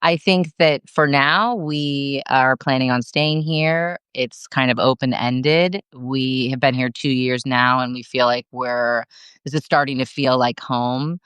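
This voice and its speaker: A woman's voice: very deep voice, steady tone, measured pace, fairly bright tone, clean tone, dry recording. A woman from the Los Angeles area with a Californian accent, chatting casually and upbeat while answering viewer questions on a live video. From Los Angeles area, USA. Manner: chatty, upbeat, fills gaps with "like" and "um".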